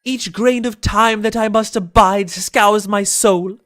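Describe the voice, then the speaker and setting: A man's voice: high voice, a little slow, voice pushed up. A man voicing a weary, furious ghost trapped in time, speaking in a theatrical, anguished way.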